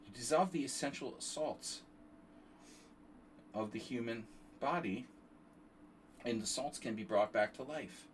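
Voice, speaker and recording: A man's voice: medium pitch, a little slow, pauses often, recorded from a distance, slight background noise. A man coaching chess on a live stream, talking casually, wandering into side stories and swearing offhand. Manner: rambling, digressive, swears casually.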